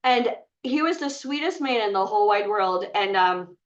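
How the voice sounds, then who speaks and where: A woman's voice: mid-range voice, lively intonation, normal speed, distant mic, lo-fi sound. A woman speaking to a live group, retelling a personal story in a chatty way with many fillers. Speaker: bootcamp speaker.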